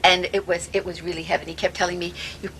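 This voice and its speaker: A woman's voice: fairly low pitch, little pitch movement, quick pace, sharp tone, slight background noise. A woman fondly reminiscing with friends in casual talk. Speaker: devotee sharing memories.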